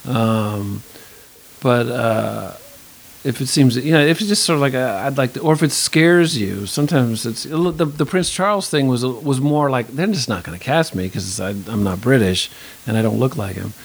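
With a medium-pitched, husky voice full of vocal fry, this man speaks at a moderate pace over poor audio. He's a US actor in his fifties chatting in an interview, wandering off into asides and frequently restarting his sentences.

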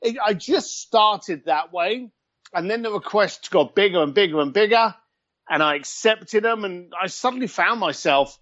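A man with an East London accent talks through a dull, muffled remote line, chatty and quick with a joke. His voice sits a little high and close and dry. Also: expressive, a bit bright, no echo. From East London, England. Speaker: guest, luxury concierge. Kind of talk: casual interview chat over a call.

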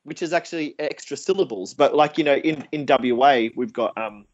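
A man's voice: mid-range voice, brisk, lo-fi sound. Jokey Australian man hosting a podcast. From Queensland, Australia. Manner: chatty, jokey, self-mocking. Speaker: podcast host. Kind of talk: casual chat.

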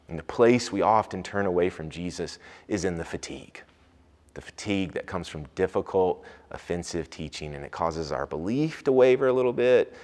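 A man preaching a sermon as a pastor, rising to loud emphatic peaks and dropping back low. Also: brisk. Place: church sanctuary. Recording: long hall reverb.

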